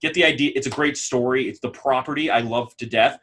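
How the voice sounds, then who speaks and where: Animated male podcast co-host. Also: mid-range voice, brisk, slight background noise. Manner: animated, laughs and mimics characters often. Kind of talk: casual chat.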